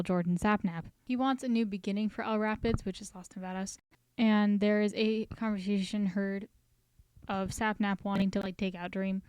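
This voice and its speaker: A woman's voice: medium pitch, darkish tone, clear, resonant tone, no echo, rough recording. A woman casually recapping a story, chatty and full of joking asides. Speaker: recap host.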